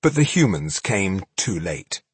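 Slow, husky male fantasy narrator. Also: low-pitched, very animated, no echo. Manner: dramatic, measured storytelling. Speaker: audiobook narrator.

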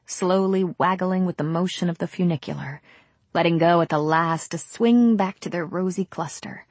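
A woman narrating a novel in a measured, unhurried read. Her voice sits low and slightly husky. The recording is dry and close, with no room sound. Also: a little mellow, dry recording. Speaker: audiobook narrator. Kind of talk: scripted narration.

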